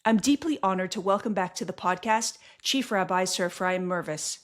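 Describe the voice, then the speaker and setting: A woman hosts a podcast at a mid-range pitch. She opens with a scripted intro, then asks her guest earnest, enthusiastic questions. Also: normal speed. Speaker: podcast host.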